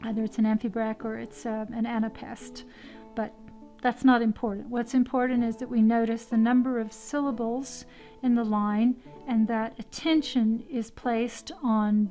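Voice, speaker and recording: A woman's voice: fairly high pitch, steady tone, warm tone, soft background music. A woman teaching a recorded lesson on verse meter, explaining carefully and tapping out stressed and unstressed syllables. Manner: measured, explanatory, reads verse lines slowly with stress.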